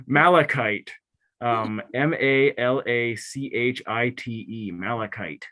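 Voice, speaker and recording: A man competing in a spelling bee over a video call, thinking out loud and second-guessing himself before spelling. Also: mid-range voice, extremely slow. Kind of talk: spelling aloud in a contest.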